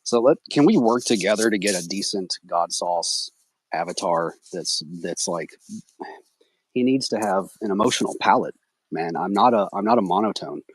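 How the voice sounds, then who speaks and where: A man in his forties with a vocal fry, chatting casually as a co-host and thinking aloud in stops and starts. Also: on the low side, expressive, normal speed, no room sound. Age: 40s. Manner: rambling, thinks aloud with restarts. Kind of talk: casual group chat.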